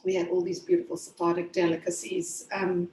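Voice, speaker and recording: A woman's voice: fairly low pitch, completely flat delivery, fairly quick, dark tone, slight background noise. A woman pastry chef from Zimbabwe giving a chatty step-by-step cooking demonstration with plenty of fillers. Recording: echoey room.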